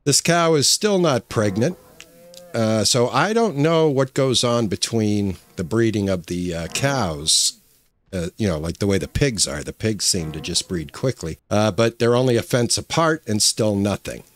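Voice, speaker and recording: A man's voice: lowish voice, lively intonation, unhurried. A man hosting his own channel, talking casually over his gameplay, rambling with many fillers and restarts. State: emotional, choked up. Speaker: gaming channel host.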